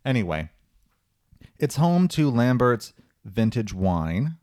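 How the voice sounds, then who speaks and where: A man's voice: mid-range voice, big pitch swings, takes it slowly, darkish tone. A man co-hosting a podcast, telling a story in a chatty way with joking asides. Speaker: podcast co-host. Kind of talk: casual chat and storytelling.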